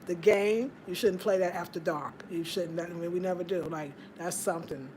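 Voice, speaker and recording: A woman's voice: lowish voice, fairly even intonation, moderate pace, a little mellow, slight background noise. A woman hosting a casual live stream, chatty and laughing often, drifting from one topic to the next. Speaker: livestream host. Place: home in Ghana.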